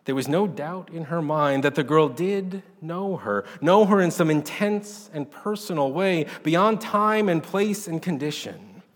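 A man narrating a literary short story in an expressive, dramatic reading style. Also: a little high, measured pace, few pauses. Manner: dramatic, animated delivery. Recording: long reverb.

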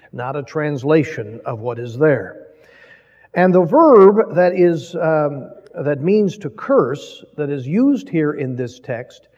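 A man preaching an expository sermon, reading scripture in a measured, emphatic way. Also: a little high, dark tone. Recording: lo-fi, long reverb from a hall.

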